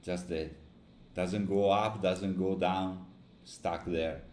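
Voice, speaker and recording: Very deep-voiced tired man commentating markets. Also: steady tone, slow, darkish tone. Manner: frustrated, complaining. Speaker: live trading streamer. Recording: echoey room, faint noise.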